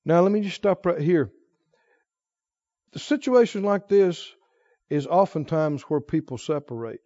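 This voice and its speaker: A middle-aged male pastor preaching a sermon, moving between quiet emotional storytelling and forceful exhortation. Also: a little high, lively intonation, a little slow, dry recording, dull audio.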